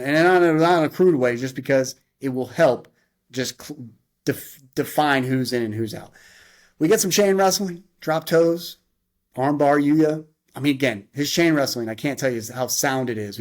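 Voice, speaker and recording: A man hosting a casual wrestling review, running through the matches move by move, with frequent restarts and side tangents. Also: medium pitch. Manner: rambling, with frequent restarts and asides; rattles off move-by-move calls in bursts.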